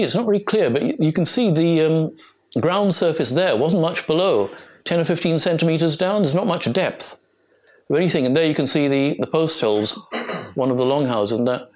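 An older man from England, an archaeologist giving an informal illustrated talk, rambling and chatty with many fillers and restarts. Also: on the high side.

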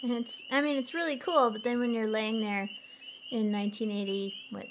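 A woman from Colorado co-hosting a podcast launches into animated, giggly stories during casual chat. She speaks a little fast in a slightly high voice, with slight background noise.

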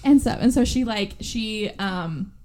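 A woman's voice: mid-range voice, expressive, measured pace, warm tone. A woman co-hosting a podcast, recapping a movie in casual chat, acting out the characters' lines and swearing freely. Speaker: podcast co-host.

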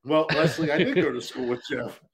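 A man's voice: fairly high pitch, a little fast, creaky, a crowd in the background. A man co-hosting a podcast in casual, profane banter, laughing often as he tells stories. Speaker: podcast co-host. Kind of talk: casual chat.

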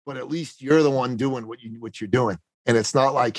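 A man's voice: medium pitch, a little fast, hardly any pauses, dry recording. A middle-aged man, a podcast guest, telling a personal story in an earnest, confessional way, often repeating words as he gathers his thoughts.

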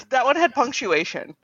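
Animated woman chatting on a podcast. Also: medium pitch, no room sound, highs cut off. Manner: animated, laughs easily. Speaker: podcast co-host. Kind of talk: casual chat.

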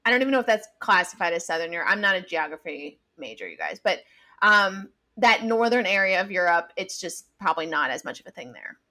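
Bright-voiced woman podcast guest. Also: on the low side, very animated. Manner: playful, quick to laugh. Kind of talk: casual chat.

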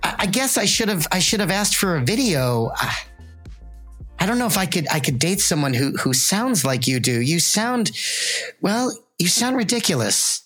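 A woman's voice: fairly low pitch, big pitch swings, moderate pace, a bit bright, husky, soft background music, full character voice. A woman playing a blunt, flustered date in a comedy sketch. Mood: exasperated.

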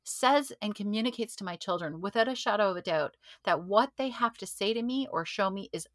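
A woman in her thirties co-hosting a podcast, chatting with lively, animated storytelling. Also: mid-range voice, fairly quick, dry recording. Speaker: podcast co-host. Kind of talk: casual chat.

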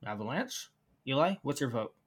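A man narrating a tabletop role-playing game as game master, chatty and rambling, with soft music behind him. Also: mid-range voice, sing-song, normal speed, breathy edge. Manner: chatty, rambling, restarts sentences.

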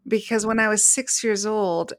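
A woman's voice: mid-range voice, fairly even intonation, moderate pace, fairly bright tone, no room sound, clean studio sound. A woman co-hosting a podcast, telling a childhood story in casual chat, laughing often and restarting her sentences. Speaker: podcast co-host.

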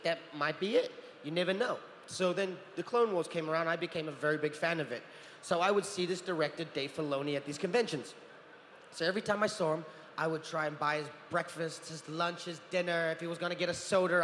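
A man in his forties, a guest on a convention panel, telling stage stories in an animated way, acting out voices and laughing often. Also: a little high. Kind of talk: storytelling Q&A on stage. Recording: roomy hall reverb with faint crowd noise.

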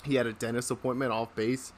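A man hosting a relaxed podcast, telling stories in a casual way. He laughs often and acts out the people in his stories, and his pitch sits in a middle range. A faint hiss sits behind his voice. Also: fast talker. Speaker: podcast host. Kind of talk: casual storytelling.

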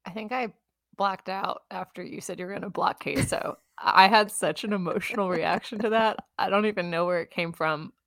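A woman's voice: mid-range voice, moderate pace, vocal fry, a bit bright, dry recording, studio quality. A woman co-hosting a casual podcast chat, giggly and emotional, sometimes putting on a game-show announcer voice. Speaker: podcast co-host.

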